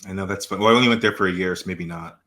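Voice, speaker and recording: A man's voice: sits low, bright, forceful tone, a little hiss or hum. A young man co-hosting a podcast, chatting casually and laughing often. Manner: easygoing, laughs a lot, drawn-out fillers. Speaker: podcast co-host. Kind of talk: casual chat.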